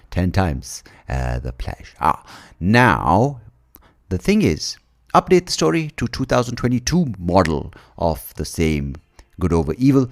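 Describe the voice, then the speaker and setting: A man's voice: deep voice, big pitch swings, measured pace. A man from India hosting a podcast, riffing through an irreverent, rambling comic monologue. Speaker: podcast host. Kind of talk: comedic monologue.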